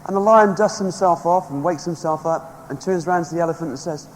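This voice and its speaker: A man's voice: a little high, brisk. A man giving an emphatic motivational seminar speech to a live audience, rallying them with stories. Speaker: motivational speaker. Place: large hall with a live audience. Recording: echoey hall, faint background noise.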